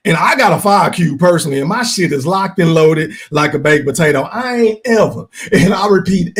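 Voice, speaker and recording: Loud ranting man, high lively voice. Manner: loud, animated, profane ranting with shouted outbursts. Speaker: podcast host. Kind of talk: heated boxing rant.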